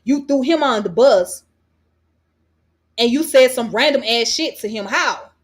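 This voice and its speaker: Blunt, high-voiced woman ranting. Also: animated, unhurried. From United States. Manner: blunt, profane, repeats points emphatically. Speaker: vlogger. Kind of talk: heated commentary rant.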